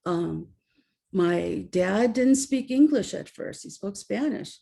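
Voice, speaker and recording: A middle-aged woman educator giving a talk, telling anecdotes with lively storytelling and acting out the voices she quotes. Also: mid-range voice, slow pace, gravelly. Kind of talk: presentation with anecdotes.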